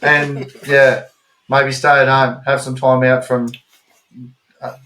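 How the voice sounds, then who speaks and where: A man's voice: medium pitch, flat delivery, takes it slowly, pushed and bright, poor audio. A man with an Australian accent co-hosting a podcast, telling a story in casual chat, swearing freely and rambling through asides. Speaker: podcast co-host.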